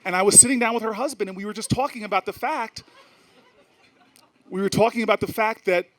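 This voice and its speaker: A middle-aged man from New Jersey holds the floor before a live audience, and his voice sits a little high for a man. He talks in an animated, rhetorical way, building points through repetition and personal stories. He often restarts phrases and drops fillers as he goes. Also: fairly quick, slight background noise. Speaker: politician speaking to a festival audience. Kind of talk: animated speech with storytelling.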